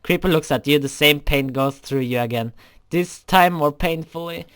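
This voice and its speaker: A man's voice: fairly high pitch, moderate pace, a bit bright, clear, resonant tone. A young man reading a fan story aloud, often stumbling over words and correcting himself.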